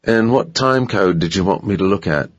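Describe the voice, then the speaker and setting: A surly, mouthy security guard with a raised, husky voice, as a male narrator puts him on. He sounds defensive and talks back, and the dry recording has a dull, muffled quality. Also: sits low, expressive, moderate pace, no echo, voice pushed up. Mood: casual.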